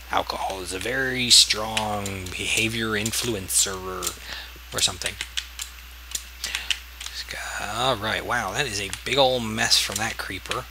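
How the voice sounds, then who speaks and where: Unhurried and fairly low-pitched, a let's-play host comments casually as he plays, talking to himself amid background noise. Whenever something attacks, he lets out yelps and exclamations.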